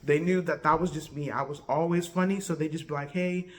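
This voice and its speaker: A young woman telling a casual, slangy story for her vlog in an animated, laid-back way. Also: low voice, quick pace. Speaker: vlogger.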